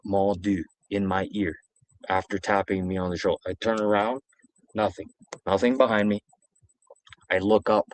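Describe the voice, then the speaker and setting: A man's voice: sits low, no echo. A man in his forties telling rambling, profane stories alone on a stream, repeating himself. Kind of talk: casual storytelling.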